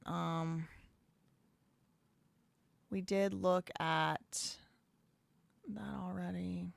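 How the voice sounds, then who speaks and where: A woman's voice: on the low side, fairly even intonation, drawn-out words, gravelly, no room sound. A woman hosting a live stream, chatting casually, laughing and repeating phrases as she goes. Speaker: live show host.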